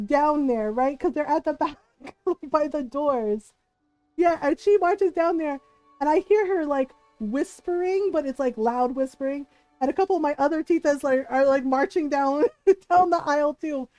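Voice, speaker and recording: High-voiced woman streamer, swearing freely. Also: darkish tone, no room sound, low-quality recording. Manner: swears freely, tags lines with "right?". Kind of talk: casual storytelling chat.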